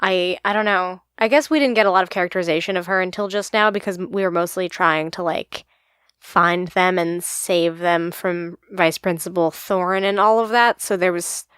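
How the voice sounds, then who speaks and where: A young woman co-hosting a podcast, chatting casually, with lots of filler words and quick bursts. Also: lowish voice, a bit bright, clear, resonant tone, no room sound, studio quality. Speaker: podcast co-host. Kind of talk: casual chat.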